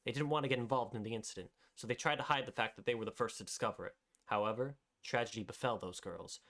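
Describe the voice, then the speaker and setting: A man's voice: medium pitch, fast talker, fairly bright tone. A man streaming a game with friends, reading its story text aloud. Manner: stumbles, then reads narration smoothly.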